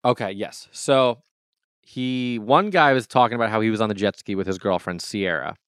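A young man telling an animated story in casual chat, acting out the voices he overheard. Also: fairly low pitch, normal speed, smooth, dry recording, clean studio sound. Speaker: podcast co-host.

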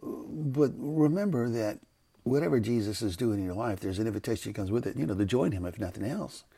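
An older pastor talks off the cuff on a devotional podcast, rambling conversationally and correcting himself as he goes, with background noise behind him. His medium-pitched voice is animated and brisk, creaky, mellow and husky.

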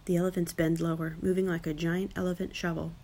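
A woman narrating a children's audiobook in a lively, wry first-person style, giving each character a voice. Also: fairly low pitch, fast. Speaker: audiobook reader.

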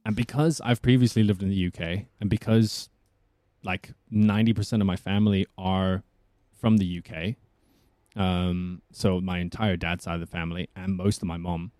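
A man's voice: fairly low pitch, mellow, no room sound, clean studio sound. A young man from South Africa, an actor, talking casually and rambling as an interview guest. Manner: rambling, thinks aloud.

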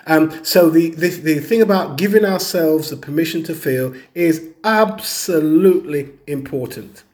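A man's voice: on the high side, a little slow, darkish tone. A man giving an earnest teaching talk on grief, telling stories and acting out the people he quotes. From Caribbean heritage. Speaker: speaker on grief and bereavement.

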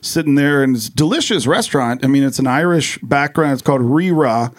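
A man's voice: mid-range voice, expressive, fairly quick. A man co-hosting a casual podcast chat, telling stories in a rambling way with restarts. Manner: rambling storyteller, many fillers and restarts. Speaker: podcast co-host.

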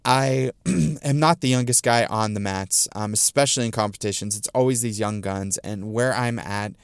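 A man's voice: lowish voice, normal speed, clear, resonant tone, dry recording. A middle-aged man hosting a casual solo podcast, rambling with many ums and restarts, fighting hiccups and a scratchy throat. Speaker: podcast host.

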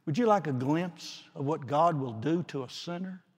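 A man preaching a sermon with slow, dramatic delivery and long pauses, swinging from forceful declarations to hushed, quiet phrases. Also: a little high, slightly rough. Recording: long reverb of a large hall.

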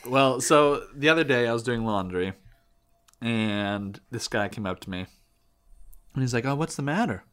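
A man's voice: medium pitch, unhurried, long pauses, a bit bright, clear, resonant tone. A young man chatting casually as a podcast co-host, joking and laughing as he tells a story. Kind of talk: casual chat.

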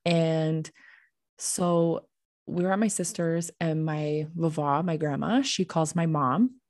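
A woman's voice: sits low, slow pace, darkish tone. A young woman on a video call telling a story casually, chatty and full of "like", laughing when things get awkward.

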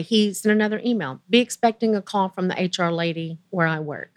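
Animated Southern woman in her sixties. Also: no room sound, clean studio sound. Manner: chatty, animated, voice rising high when excited. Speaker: interview guest. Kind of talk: personal storytelling.

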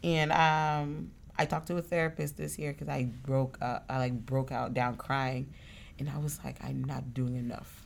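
A woman from a Haitian family, telling personal stories in an animated way on a casual podcast. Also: very deep voice, unhurried, vocal fry, a little hiss or hum. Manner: animated storytelling, expressive.

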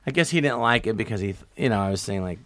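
Male comedian guest; lively anecdote teller who acts out quotes, bright and forward. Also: fairly low pitch, quick pace, dry recording. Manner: animated, acts out quoted dialogue with many "I go"s. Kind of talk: storytelling in a podcast interview.

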